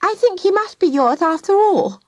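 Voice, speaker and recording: A woman's voice: very high voice, lively intonation, normal speed, no echo, voice pushed up. Woman doing a bold, eager little girl. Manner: eager, impatient. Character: bold, impatient young girl.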